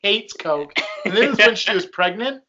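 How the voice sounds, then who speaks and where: A man's voice: sits high, animated, normal speed, a crowd in the background. A young man casually telling a rambling, self-mocking story as a podcast co-host. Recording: dull lo-fi sound.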